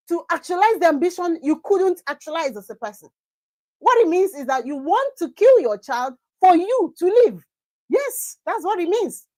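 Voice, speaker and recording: A woman's voice: very high-pitched, dry recording, low-quality recording. A woman speaking at a parenting conference, giving an emphatic motivational talk and repeating phrases for stress. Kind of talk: preaching-style motivational talk.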